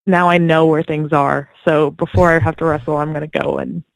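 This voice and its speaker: Gravelly-voiced chatty woman. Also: deep voice, level tone, fairly quick, no echo, rough recording. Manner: chatty, lots of "like", giggly. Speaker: guest wrestler. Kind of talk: casual phone interview.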